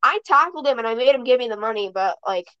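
A woman's voice: fairly high pitch, expressive, quick pace, a bit bright, clean tone, dry recording. A woman hosting a podcast and chatting casually, telling rambling stories that restart mid-sentence. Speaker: podcast host. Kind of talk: casual chat. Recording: dull, dry sound.

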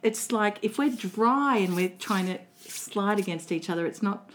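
Australian woman voice coach, animated. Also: medium pitch, moderate pace. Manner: animated, laughs often, restarts sentences. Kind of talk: casual interview chat.

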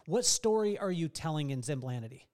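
Enthusiastic higher-voiced male podcast host. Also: animated, a little fast, clear, resonant tone. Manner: enthusiastic and admiring, with warm reactions. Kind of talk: casual interview chat.

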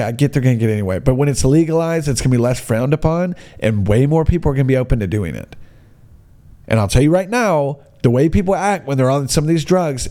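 Excitable, blunt man telling a story. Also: medium pitch. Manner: blunt, excitable, says "dude" a lot. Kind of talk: casual ranting storytelling.

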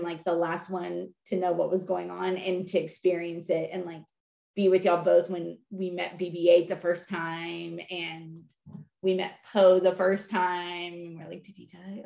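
A woman co-hosting a podcast, chatting casually and telling animated stories with lots of fillers. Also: on the low side, gravelly, reverberant. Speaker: podcast co-host. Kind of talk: casual chat.

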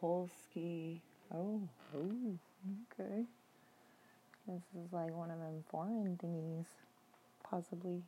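A woman's voice: on the low side, steady tone, slow, long pauses, mellow, a little hiss or hum. A young woman giving casual, joking commentary as she reacts to a game, talking back to the screen and laughing often.

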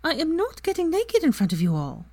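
A woman's voice: sits high, wildly swooping pitch, fairly quick, dark tone, no room sound, pitched above the performer's own voice, heavily acted. A woman voicing an indignant young witch.

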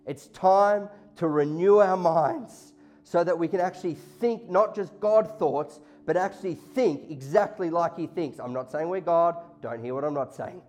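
Before a congregation in a church hall, a man with a slightly high, darkish voice preaches an impassioned sermon at an unhurried pace with hardly any pauses. He often acts out God and his listeners in quoted lines, with faint music playing behind him.

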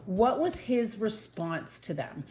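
A woman giving a casual devotional Bible talk from her home, earnest and chatty, slowing down to stress her points. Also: medium pitch, sing-song, warm tone. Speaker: Bible teacher.

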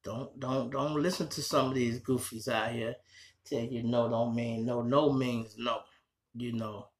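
A man's voice: mid-range voice, level tone, normal speed. A man with a Chicago accent hosting a podcast, rambling and profane in casual street commentary. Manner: profane, rambling, talks straight to listeners. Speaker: podcast host.

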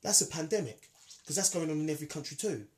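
A man's voice: fairly high pitch, expressive, fast talker, darkish tone. A man in a casual debate, talking emphatically and repeating himself as he argues.

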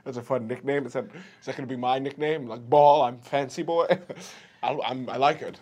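A man's voice: mid-range voice, fairly even intonation, moderate pace, darkish tone. A man speaking in character at a tabletop game, hesitant and stammering. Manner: hesitant, stammering with many fillers. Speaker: player. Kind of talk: in-character role-play.

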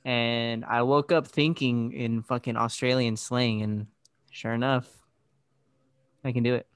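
A man's voice: medium pitch, steady tone, unhurried, clean tone, dry recording, studio quality, natural voice. A man putting on a Cockney accent to play a cheeky, swaggering young British man who swears casually. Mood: cocky. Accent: Cockney put-on. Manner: swaggering, profane.

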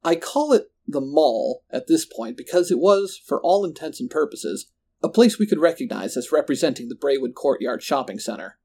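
A man telling a first-person horror story in a measured, subdued way. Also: fairly high pitch, lively intonation, a little mellow. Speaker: narrator.

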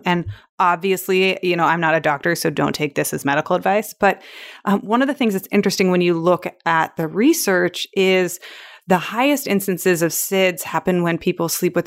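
A woman hosting a podcast who talks in a casual, reassuring, conversational way. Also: on the low side. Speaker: podcast host.

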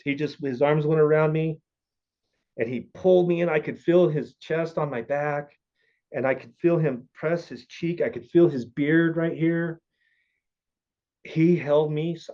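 Earnest man telling a testimony, lo-fi. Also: medium pitch. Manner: earnest, emotional storytelling. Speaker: guest. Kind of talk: personal faith testimony. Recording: dull lo-fi audio.

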